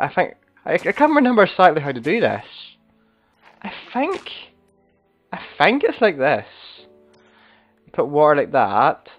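A man hosting a casual game commentary, slightly hoarse from being sick, rambling and chatty as he talks to viewers and fellow players. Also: fairly high pitch, dull audio. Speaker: gaming video host.

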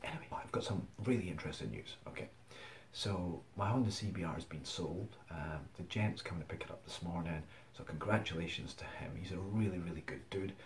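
A man's voice: sits low, brisk, hardly any pauses, slight background noise. A man vlogging casually to his camera at home and in his garage, chatty and self-mocking. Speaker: motorcycle vlogger. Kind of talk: casual vlog chat to camera.

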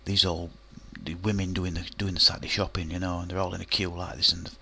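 A man's voice: sits low, little pitch movement, quick pace, gravelly, bright, forceful tone, a little hiss or hum. A man telling a comic anecdote, rambling and colloquial with many fillers. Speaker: storyteller.

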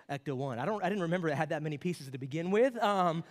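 A pastor in his late thirties tells a personal story during a sermon, his voice sitting a little high for a man. He talks in a relaxed, storytelling way. The sound carries the long ring of a big church hall. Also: a little fast. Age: late 30s. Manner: storytelling, animated, acts out his son's voice. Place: church sanctuary.

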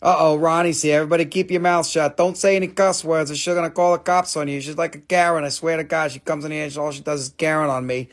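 A man's voice: a little high, fairly even intonation, quick pace, hardly any pauses, natural voice. A man doing a brash, swearing New York-style rock dealer, joking through his sales patter.

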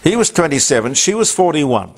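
A man's voice: fairly high pitch, big pitch swings, a little fast. An older man with an Australian accent hosting a talk show, reading on-this-day items with rambling asides and fillers. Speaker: radio talk host. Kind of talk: casual on-this-day segment.

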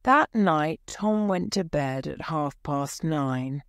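Slow, low-voiced woman reading a story. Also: lively intonation, no echo, studio quality. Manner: clear, deliberate. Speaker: story reader. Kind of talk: slow storybook narration for English learners.

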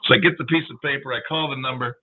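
A middle-aged man, a guest on a talk show, telling lively anecdotes in casual chat and acting out the dialogue. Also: mid-range voice, fast, slight background noise. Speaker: guest, baseball team general manager. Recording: tinny phone-like audio.

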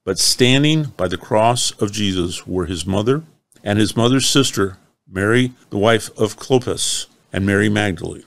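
A man reading a chapter of the Bible aloud, slow, measured and solemn. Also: fairly low pitch, dry recording. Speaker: scripture reader.

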